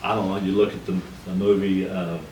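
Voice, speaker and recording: A man with a low, darkish voice talks briskly in a level tone. A podcast co-host and history researcher, he casually walks through Old West history, stumbling over many fillers and restarts, recorded on a distant mic in a roomy space with faint noise.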